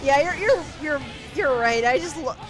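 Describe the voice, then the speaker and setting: A woman's voice: sits high, animated, normal speed. A woman giving casual let's-play commentary, thinking aloud and often saying "like". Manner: thinks aloud, chatty, frequent "like". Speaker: gaming streamer. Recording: game music playing behind.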